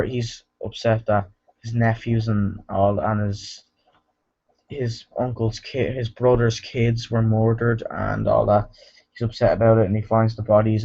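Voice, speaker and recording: A man's voice: on the low side, a little mellow, lo-fi sound. A man giving a casual, rambling movie review, full of fillers and restarts.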